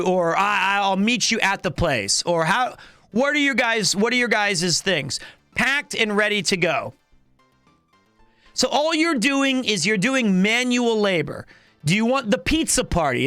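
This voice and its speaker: A man in his thirties chatting casually on a live stream, animated and rambling with lots of restarts. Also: high-pitched, smooth, dry recording. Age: 30s.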